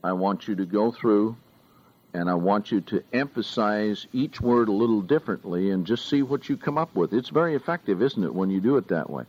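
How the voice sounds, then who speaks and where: A man preaching a sermon, reading scripture aloud slowly and with deliberate emphasis. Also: lowish voice, lively intonation, darkish tone, muffled recording.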